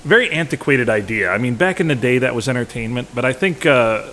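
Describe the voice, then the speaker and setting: A man's voice: medium pitch, animated, fairly quick, sharp tone. Guy hosting a podcast, bouncy voice, jokes around, kinda echoey with faint hiss. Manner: jokey, teasing. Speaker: podcast host. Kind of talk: casual podcast chat.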